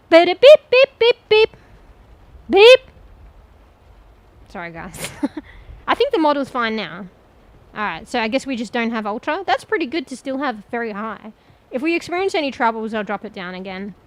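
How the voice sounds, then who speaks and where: Chatty higher-voiced woman streamer. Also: low-quality recording. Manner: rambling, thinking aloud, swears casually; chatty, addresses viewers directly. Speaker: game streamer. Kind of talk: casual gameplay commentary.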